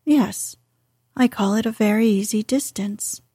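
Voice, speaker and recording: A woman reading as a formal, reserved young gentleman. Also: mid-range voice, husky, dry recording, clean studio sound. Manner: formal, measured.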